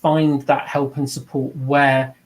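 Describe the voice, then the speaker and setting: Teaching mediumship informally, this middle-aged man speaks slowly and earnestly, with a reflective tone. His mid-range pitch barely moves, except when he briefly adopts other voices to quote people. The recording quality is poor.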